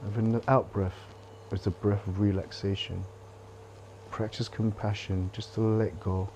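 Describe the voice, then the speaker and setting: A man leading a qigong class, calmly coaching breathing and movement with gentle repetition, on a close mic while he moves. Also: lowish voice, unhurried, lo-fi sound, slight background noise. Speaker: qigong instructor. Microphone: close clip-on mic while moving.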